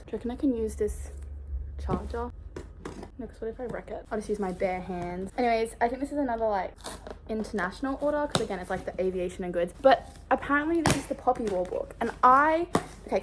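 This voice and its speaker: A bubbly woman chatting to camera in a rambling, excitable way. Her voice sits a little high, with a faint hum of noise behind her. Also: fast. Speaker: vlogger. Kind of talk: casual chat.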